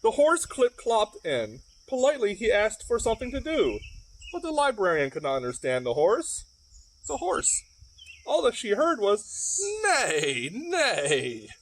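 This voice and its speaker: A man's voice: sits high, wildly swooping pitch, normal speed, slight background noise. A man reading a children's picture book aloud, with playful, chatty asides to the young listeners at home. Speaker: library storyteller. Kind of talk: children's story read-aloud.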